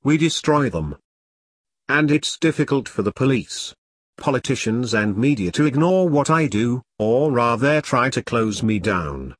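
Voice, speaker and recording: Guy reading an audiobook doing a blunt sweary tough woman, bouncy pitch, dry close sound. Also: sing-song, measured pace, no room sound. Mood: defiant. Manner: blunt, defiant, profane. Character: fierce, foul-mouthed woman in her forties.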